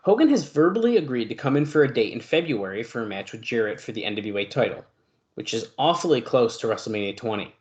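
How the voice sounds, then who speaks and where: A podcast co-host with a medium-pitched, lively voice reads long news passages aloud quickly, tossing in fillers and side comments.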